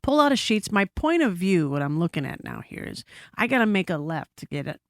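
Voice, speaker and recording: A woman guest on a podcast telling a story in casual chat, animated and full of swearing and asides, recorded in a studio. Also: on the low side, fairly quick, no echo. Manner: animated, profane, frequent asides.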